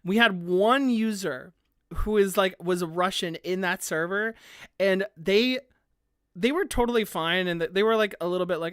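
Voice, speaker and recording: A woman's voice: medium pitch, normal speed, no echo, studio quality. A woman streamer chatting casually on a live stream, rambling with lots of "like" fillers and frequent laughter.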